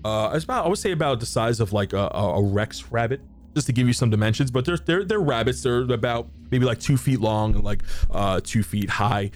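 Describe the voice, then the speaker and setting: A man's voice: medium pitch, animated. A man running a tabletop game, narrating a scene in a plain mid-range voice. He stops and restarts often, padding with fillers as he thinks aloud. A faint room hum sits behind him. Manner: descriptive, halting, with many fillers and restarts. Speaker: game master.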